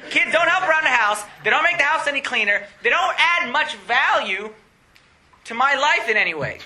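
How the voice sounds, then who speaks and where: Young male preacher, high and very bright voice, animated and laughing often. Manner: animated, laughing often, rising to excited pitch. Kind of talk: sermon.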